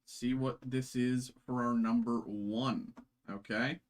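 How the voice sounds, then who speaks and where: A man's voice: mid-range voice, steady tone, slow. A man hosting a live card-opening stream, chatting casually with lots of fillers, restarts and self-deprecating jokes. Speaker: card break host.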